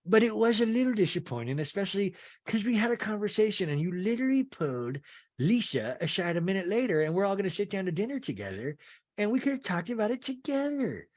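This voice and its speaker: A man's voice: high-pitched, big pitch swings, fast talker, voice pushed up. A man mimicking a passive-aggressive woman. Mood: disappointed. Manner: tight, clipped, passive-aggressive. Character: passive-aggressive woman insisting she is not mad.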